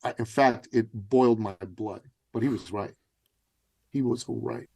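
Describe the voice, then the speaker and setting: Dry, animated male storyteller. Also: a little slow, creaky, breathy edge, no echo. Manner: acts out dialogue with big jumps in pitch. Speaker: podcast guest.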